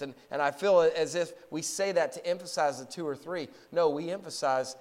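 A man preaching a sermon. He asks the congregation rhetorical questions and moves between hushed low points and rising, emphatic peaks. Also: a little fast, hardly any pauses.

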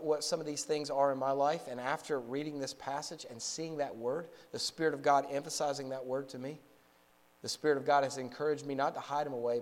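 A pastor in his forties preaching a sermon, moving from a relaxed story to fervent, raised exhortation, with frequent repeated words and restarts. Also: mid-range voice. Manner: frequent word repetitions and restarts.

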